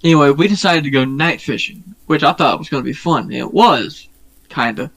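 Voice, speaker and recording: A man co-hosting a podcast, telling a long story in casual chat, rambling and profane, often pausing on fillers. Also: fairly high pitch, expressive, vocal fry, fairly bright tone, no echo. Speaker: podcast co-host.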